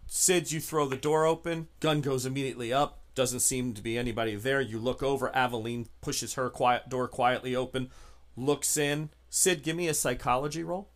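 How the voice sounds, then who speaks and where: A man narrating as game master of a tabletop game, relaxed and chatty. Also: mid-range voice, normal speed.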